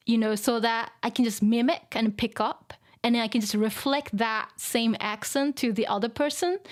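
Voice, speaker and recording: A woman whose first language is Japanese, chatting casually on a live stream, reading out viewer comments, laughing often and using many fillers. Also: a little high.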